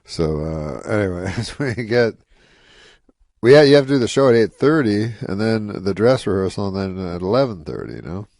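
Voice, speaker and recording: A man's voice: lowish voice, sing-song, normal speed, gravelly, darkish tone, dry recording, studio quality. A man in his fifties from Canada, a comedian guest telling stories in a rambling, wry way full of asides. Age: 50s. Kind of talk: casual anecdotal storytelling.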